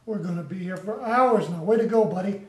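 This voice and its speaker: A performer playing a crude, cocky Sicilian tough guy, in a homemade animated play. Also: medium pitch, brisk, distant mic, close to an everyday voice. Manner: streetwise, crude, slangy. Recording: echoey room, from the mic.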